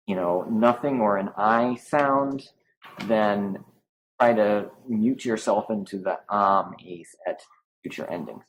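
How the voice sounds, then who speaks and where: A man's voice: on the low side, slow, slight background noise, low-quality recording. A man teaching a Latin grammar lesson over slides, speaking informally and stretching out the sounds of words when he models them. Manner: informal and explanatory, with restarts.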